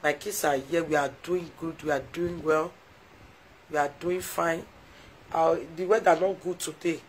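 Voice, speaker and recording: A woman's voice: deep voice, steady tone, unhurried, slight background noise, low-quality recording. A woman with a Nigerian Pidgin English accent, chatting casually to viewers on a live stream, effusive and heartfelt as she thanks them often. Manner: emotional, heartfelt.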